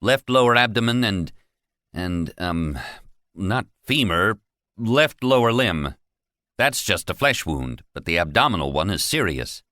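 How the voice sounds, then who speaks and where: A man's voice: low voice, animated, unhurried, sharp tone, dry recording, studio quality, full character voice. A man voicing a flustered male medical technician who hesitates. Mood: clipped.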